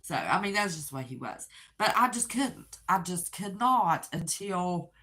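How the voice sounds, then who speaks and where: An older woman, hosting her own channel and talking to viewers in a rambling, heartfelt way with soft laughs. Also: lowish voice, animated, a little slow. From West Virginia. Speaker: channel host. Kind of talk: casual talk to viewers.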